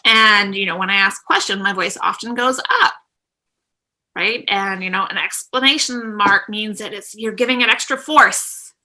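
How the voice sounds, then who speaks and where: Woman host w a really bright, sharp voice, chatty, keeps checking in. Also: medium pitch, moderate pace, low-quality recording. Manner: engaged, checks in with "right?". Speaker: host educator. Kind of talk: conversational teaching talk.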